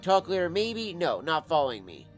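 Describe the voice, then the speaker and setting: A man's voice: on the high side, huge pitch swings, moderate pace. A man streaming live, ranting casually and profanely with exasperation. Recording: faint music behind.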